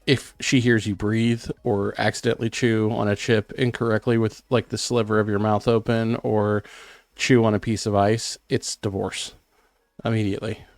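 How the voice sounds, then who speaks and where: A man's voice: on the low side, dry recording. A man co-hosting a podcast in casual chat, a bit sick and rambling, self-conscious. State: sick, throat clearing. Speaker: podcast co-host.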